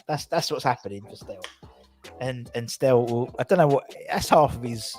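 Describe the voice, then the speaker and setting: Man, football fan show host, rambling chatty delivery, medium-pitched voice, faint music underneath. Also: lively intonation, moderate pace, a little mellow. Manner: chatty, rambling, reads out viewer comments. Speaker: podcast host. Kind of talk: casual fan chat show.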